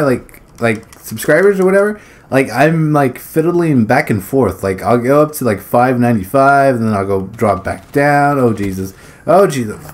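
A man talking casually over his gameplay, rambling, swearing freely and blurting out exclamations as he plays. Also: medium pitch. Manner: rambling, swears freely, laughs between phrases; blurts exclamations during play. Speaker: gaming YouTuber.

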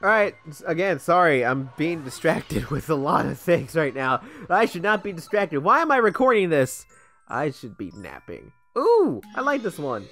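A man's voice: on the high side, sing-song, normal speed, bright, forceful tone, faint music behind. A young man giving casual, rambling gameplay commentary as a let's play host, sidetracked and self-deprecating.

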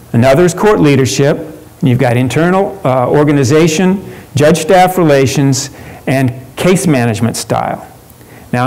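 Guy presenting at a conference workshop, kinda high voice, lots of uhs and restarts. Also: a little mellow, rough recording. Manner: conversational, with frequent fillers and restarts.

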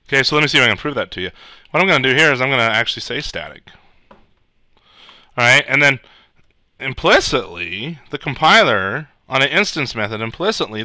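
A man walks through code in a relaxed screencast lesson, his voice very bright and crisp. He thinks aloud as he types, restarts phrases and clears his throat often. The sound is dry and close, with keyboard clicks behind him. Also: medium pitch, no room sound. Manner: thinks aloud while typing, casual asides and restarts. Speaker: programming instructor. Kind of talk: screencast coding tutorial.

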